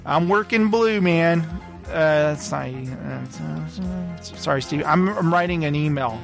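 A man's voice: fairly high pitch, slow pace, creaky, music in the background. A man hosting a podcast, signing off the show in a goofy, joking way and laughing a lot. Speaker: podcast host. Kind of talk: casual podcast sign-off.

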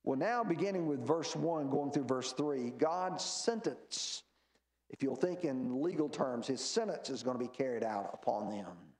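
A man's voice: medium pitch, unhurried, a little mellow. Man teaching Bible study in an echoey room. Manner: reads scripture aloud with rising emphasis, explains plainly with fillers. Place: church meeting room.

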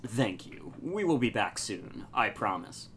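A woman voicing a polite, earnest male beetle warrior in a video game, courteous and measured. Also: extremely low pitch, very animated, slight background noise, exaggerated voice.

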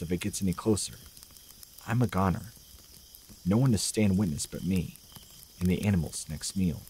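A man with a very low, deep voice narrates a horror story in a slow and measured way, with a dramatic edge. A faint hiss sits under his reading. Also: darkish tone, poor audio. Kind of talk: scripted narration of scary stories.

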